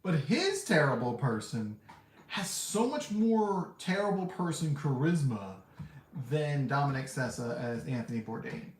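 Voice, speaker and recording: Man, podcast host, casual movie review, rambling, candid, mid-pitched voice, roomy echo. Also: very animated, measured pace. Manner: rambling, candid, laughs often. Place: seated indoors. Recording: roomy echo, faint background hum.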